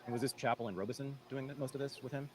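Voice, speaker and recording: A male interviewer rattles off quick questions and short prompts at a fast clip. His voice sits mid-pitch, with faint noise underneath. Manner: brisk, short prompts and backchannels.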